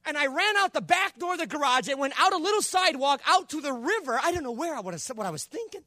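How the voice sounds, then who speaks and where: High, animated preacher man, dramatic swings. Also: fast talker, few pauses, dry recording, studio quality. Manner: swings from hushed to shouting, acts out dialogue. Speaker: pastor. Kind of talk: Pentecostal sermon storytelling.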